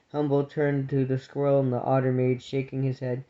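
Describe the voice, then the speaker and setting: Male audiobook narrator, mellow tone, steady pace; muffled lo-fi recording. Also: mid-range voice, fairly quick, few pauses. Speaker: audiobook reader. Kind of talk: storybook narration. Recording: dull lo-fi recording.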